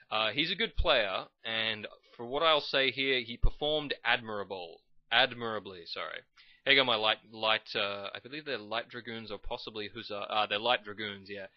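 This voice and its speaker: A man gives rambling, casual let's play commentary, often correcting his own words. His voice sits fairly low, and the recording is dull and lo-fi with a dry, close sound. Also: dry recording. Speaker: gamer commentating his match.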